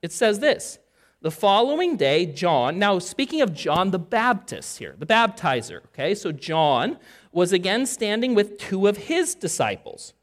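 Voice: mid-range voice, big pitch swings, a little slow. A pastor preaching a sermon and reading scripture aloud, talking conversationally and asking the listeners questions.

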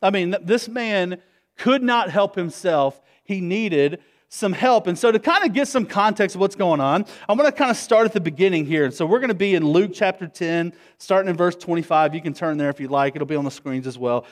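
A man's voice: high-pitched, brisk. A man preaching a sermon as pastor, telling stories conversationally and rallying the congregation. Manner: conversational, energetic, rallies the congregation. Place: church, before a congregation.

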